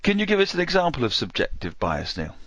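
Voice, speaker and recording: A man hosting a podcast interview, setting up questions with a quick story. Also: fairly high pitch, huge pitch swings, fairly bright tone, no room sound. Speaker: podcast host.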